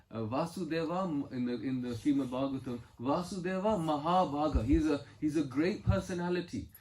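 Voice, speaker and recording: A man's voice: fairly high pitch, a little mellow, reverberant, rough recording. A man giving a spiritual talk at a home gathering, telling scripture stories and personal anecdotes, quoting verses and explaining them earnestly. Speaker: spiritual speaker.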